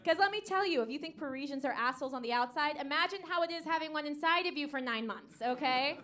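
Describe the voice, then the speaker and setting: A woman's voice: sits high, lively intonation, fast talker, bright, forceful tone. An American woman in her thirties performing live stand-up comedy, brassy and sassy, laughing at her own jokes and acting out voices. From United States. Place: comedy stage in front of a live audience.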